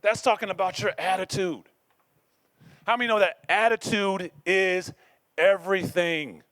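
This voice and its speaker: A man preaching a sermon to a congregation, using call-and-response and swinging between loud declarations and hushed asides. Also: sits high, unhurried, no echo, studio quality.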